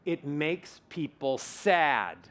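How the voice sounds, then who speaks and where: Male voice coach on a conference stage, lively swooping pitch, slightly high, playful and demonstrative. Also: extremely slow. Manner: animated, demonstrates vocal examples, playful. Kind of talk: conference talk with audience exercises.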